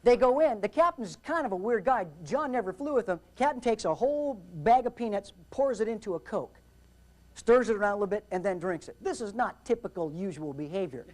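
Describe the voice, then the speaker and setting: A man giving a humorous aviation safety talk, telling anecdotes in an animated, theatrical way with jokes. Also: high voice, brisk. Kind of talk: humorous storytelling seminar talk.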